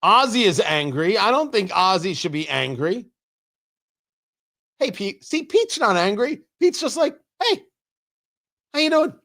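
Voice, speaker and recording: A man's voice: sits high, gravelly. A male host on a live-streamed talk show, joking with chat viewers and often restarting his sentences. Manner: animated, teasing chat-reader banter; halting, restarts mid-sentence.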